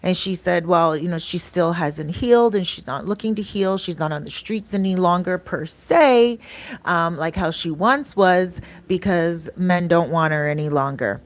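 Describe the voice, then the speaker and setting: A woman's voice: fairly low pitch, normal speed, no echo. A woman vlogger telling stories in a casual chat, rambling with lots of fillers and acting out what people said. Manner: chatty, rambling, acts out quoted dialogue; frequent fillers like um and you know. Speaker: vlogger and channel host.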